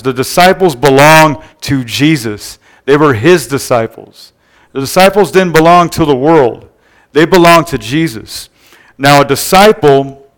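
A man preaching a sermon to a congregation in a relaxed, conversational way, often checking in with the room. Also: mid-range voice, smooth. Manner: conversational, keeps asking the room "Amen?". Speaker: pastor. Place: church service before a congregation.

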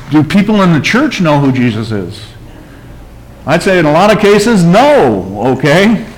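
A man with a slightly higher voice preaches a sermon. He presses his points with rhetorical questions, calls for an amen and drifts into storytelling. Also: low-quality recording. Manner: emphatic preaching, calls for amen and tells stories. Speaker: pastor.

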